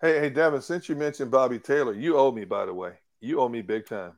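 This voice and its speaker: A man's voice: mid-range voice, fast talker. A man on a sports podcast, teasing the others with playful banter. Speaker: podcast guest. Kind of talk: casual sports talk.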